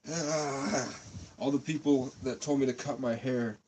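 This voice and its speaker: A man's voice: mid-range voice, steady tone, fairly quick, noisy background. A man doing a crude, absurd improvised livestream outdoors on a street, cold and coughing from cigarettes. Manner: absurd, silly, crude banter. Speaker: comedian livestreaming.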